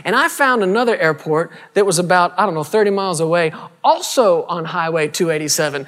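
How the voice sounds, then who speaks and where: A male minister telling a personal story as a sermon testimony, animated and self-deprecating, chuckling as he goes. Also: sits high, a little fast, hardly any pauses, big-room sound, crowd noise.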